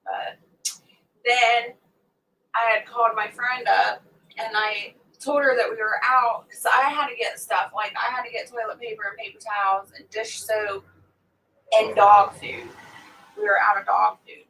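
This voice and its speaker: Her voice sits a little high, pushed and bright, with fairly even intonation and an unhurried pace. Broadcasting a relaxed morning chat from her homestead, she wanders through a story for her viewers, breaking off to tell off her pets, while a distant mic catches a faint background hum.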